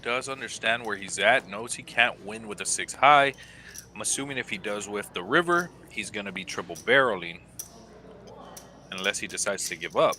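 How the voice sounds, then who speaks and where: Bright-voiced male poker commentator. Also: fairly low pitch, animated. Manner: measured, analytical play-by-play.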